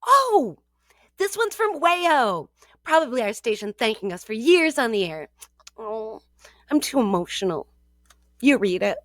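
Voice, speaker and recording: A woman co-hosting a comedic radio show in a studio, playful with deadpan jokes. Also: on the high side, measured pace, pauses often, no echo.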